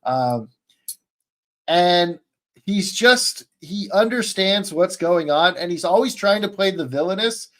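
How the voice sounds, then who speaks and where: A man on a streamed podcast call, recapping an anime in a rambling, excitable way, full of fillers and restarts. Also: sits high, slow pace. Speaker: podcast panelist. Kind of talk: casual chat, recapping an anime.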